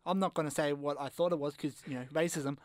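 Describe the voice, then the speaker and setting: A man's voice: a little high, fairly even intonation, quick pace, no echo, studio quality. A young man hosting a casual student radio show, playful and jokey, tripping over his words now and then. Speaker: radio host. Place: radio studio. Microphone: studio microphone.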